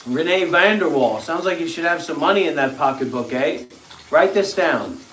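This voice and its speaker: A man hosting a meditation livestream, ranting in a profane, scornful way, with drawn-out pauses. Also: fairly high pitch, animated, fairly bright tone, slight background noise. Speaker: meditation channel host. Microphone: livestream setup. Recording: echoey room.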